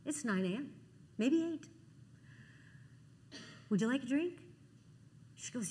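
A woman in her sixties preaches her testimony with a bright, fairly high voice, switching into the voices of the people in her story. Her words ring out with a long hall echo behind them. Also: slow pace, pauses often, a little hiss or hum. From Cleveland. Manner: animated storytelling, acting out dialogue. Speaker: Christian speaker. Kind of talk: testimony sermon.

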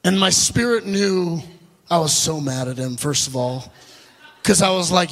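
A man preaching a storytelling sermon, animated and laughing at his own asides, addressing the congregation directly. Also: on the high side, a little slow. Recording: live sermon with long hall reverb.

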